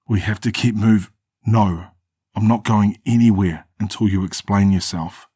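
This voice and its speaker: A man's voice: fairly low pitch, fairly even intonation, a little slow, dark tone, breathy edge, no echo, studio quality. A man voicing a frightened young man pleading with his captors in a horror story. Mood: tense. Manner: anxious, pleading.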